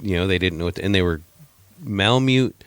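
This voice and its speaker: A middle-aged man co-hosting a casual podcast, telling meandering stories with a teasing edge. His voice is very low. The recording is dry and close, with no room around it. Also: fast talker, clean tone, no echo. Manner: rambling, teasing storyteller. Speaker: podcast co-host. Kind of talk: casual chat.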